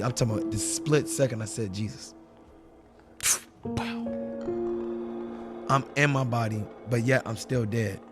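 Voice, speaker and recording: Man telling a dramatic story, music behind. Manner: emotional, swings from low hushed tones to shouted quotes. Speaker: guest telling his story. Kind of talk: casual storytelling of a personal experience.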